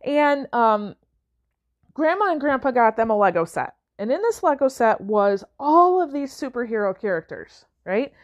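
A woman's voice: on the high side, big pitch swings, normal speed, lo-fi sound. Chatty woman telling a story. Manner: chatty, with fillers and acted-out quotes. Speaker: speaker on coaching and mentoring. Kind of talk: conversational storytelling talk.

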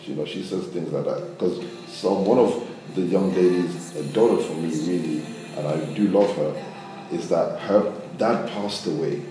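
Speaking at a moderate pace in a low register, this male pastor delivers a lively, conversational sermon directly to his congregation, dramatizing the quotes he cites. The distant mic picks up heavy room echo and background music.

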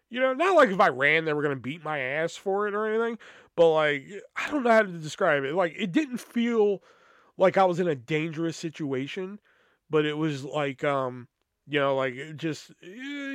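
High, lively young guy telling stories. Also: no room sound. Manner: rambling, heavy swearing, lots of fillers. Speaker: podcast host. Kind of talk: casual comic storytelling.

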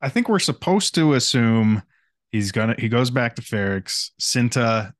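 A man's voice: mid-range voice, lively intonation, measured pace, dry recording, clean studio sound. A man co-hosting a casual chat podcast, easygoing and agreeable, laughing along with his partner. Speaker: podcast co-host.

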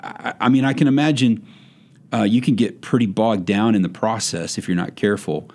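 A man's voice: fairly low pitch, brisk, darkish tone. A man hosting a podcast, asking thoughtful questions in a folksy, conversational way. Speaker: podcast host. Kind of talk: podcast interview.

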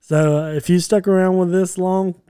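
Male podcast host from the South, fairly high voice, dry close sound, jokey. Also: steady tone, normal speed, dark tone, clear, resonant tone, no echo. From American South. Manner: joking, teasing, reads sign-off and plugs. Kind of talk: casual chat.

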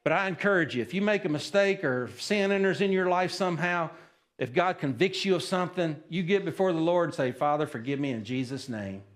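A man's voice: high-pitched, brisk. A man preaching a sermon at a church service, plain-spoken and folksy, often checking in with the congregation. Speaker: pastor.

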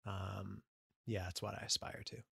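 A man co-hosting a podcast, teasing and asking questions in relaxed casual chat. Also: low voice, unhurried, creaky, breathy edge, no room sound, clean studio sound. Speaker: podcast co-host.

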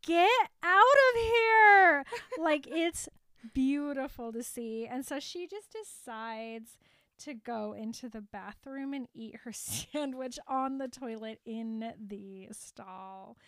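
High-pitched woman, bubbly and giggly, casual movie recap, dry close sound. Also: slow, darkish tone, no room sound. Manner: bubbly and giggly, acts out characters' lines. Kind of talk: casual chat, retelling a movie.

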